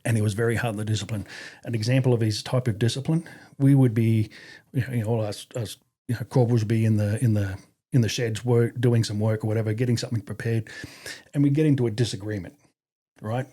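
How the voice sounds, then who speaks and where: A man's voice: fairly low pitch, fairly even intonation, quick pace, warm tone. A man with an Australian accent, a podcast guest and army veteran, telling stories casually and swearing freely. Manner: swears freely, acts out others with a raised voice. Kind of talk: casual storytelling.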